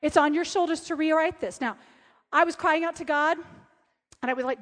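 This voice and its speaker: A woman preaching a sermon at a conference, telling stories with lively acted-out quotes. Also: high voice, normal speed. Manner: animated storytelling, acting out quotes. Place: large hall. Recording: reverberant hall.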